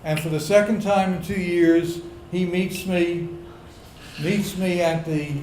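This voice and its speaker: A middle-aged man telling a comic personal story on a pub stage to a live audience, building to loud indignant outbursts. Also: sits high, steady tone, slow, roomy sound, a little hiss or hum, poor audio.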